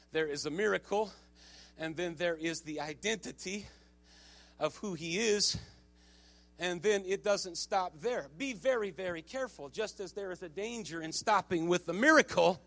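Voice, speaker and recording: A male pastor preaching a sermon at a men's conference, moving between shouted, sing-song preaching and quiet, low teaching. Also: no room sound.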